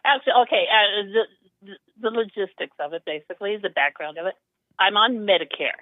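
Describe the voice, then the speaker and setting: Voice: medium pitch, expressive, a little fast, dry recording. Hesitant caller on a tinny phone line. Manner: hesitant, many ums. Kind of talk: phone call to a talk show.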